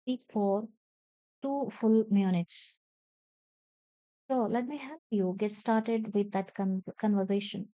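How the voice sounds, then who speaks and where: Woman, Indian English accent, pronunciation teacher, spells words letter by letter, unhurried, dull dry lo-fi sound. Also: medium pitch, fairly even intonation, no room sound. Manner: spells words out letter by letter, then repeats them carefully. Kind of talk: pronunciation lesson. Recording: slightly dull, dry lo-fi recording.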